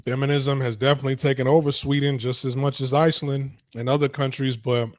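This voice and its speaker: The young man behind this streaming talk show delivers offhand reactions, profane, curt and dismissive. He talks at a quick pace in a level, mid-range voice, on a dry recording.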